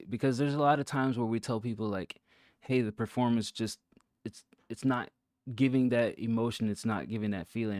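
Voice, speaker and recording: Low-voiced man casually reviewing rap tracks. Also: no room sound, studio quality. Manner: relaxed, talks through thoughts with many fillers and restarts.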